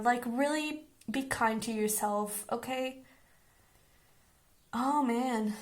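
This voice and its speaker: A woman's voice: a little high, takes it slowly. A young woman giving a casual pick-a-card tarot reading, earnest and reassuring, often checking in with "okay?". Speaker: tarot reader.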